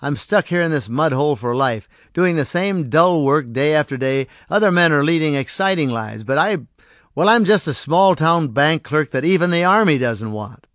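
A man voicing a frustrated young bank clerk who talks loudly and bitterly. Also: mid-range voice, lively intonation, a little fast, hardly any pauses, no room sound, clean studio sound, lightly acted. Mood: despairing. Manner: loud, bitter and scoffing.

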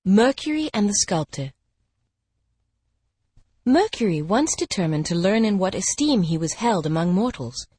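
Husky female fable narrator, lively delivery, dry recording. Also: mid-range voice, measured pace, long pauses, dry recording. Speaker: fable reader. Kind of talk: storybook narration.

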